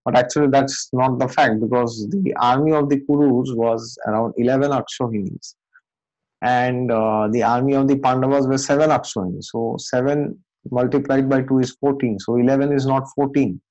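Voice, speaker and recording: A man's voice: medium pitch, steady tone, normal speed, a little mellow, no room sound. A man, a spiritual teacher, retelling scripture as a story in a conversational way, often checking in with "okay?", on a dull lo-fi recording. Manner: conversational, many fillers and "okay?" tags.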